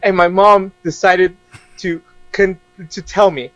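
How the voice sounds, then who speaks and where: Young guy on a podcast mic, highish voice, dry close sound, tells a story all animated and laughing. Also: measured pace, dry recording, lo-fi sound, faint music behind. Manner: animated, acts out quoted dialogue with frequent laughter. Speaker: podcast guest. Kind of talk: casual storytelling.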